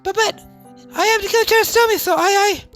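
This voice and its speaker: Woman voicing a high, stammering, lovestruck girl who is dangerously obsessive, for a game dub. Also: fairly even intonation, fast, a bit bright, faint music behind. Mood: panicked. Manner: breathless, pleading, stammering. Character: obsessive lovestruck young woman wielding a machete.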